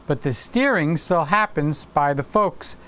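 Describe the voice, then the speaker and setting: A man's voice: fairly high pitch, expressive, measured pace, sharp tone. A man in his late sixties hosting a casual live stream, rambling and stopping to greet viewers by name. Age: 60s.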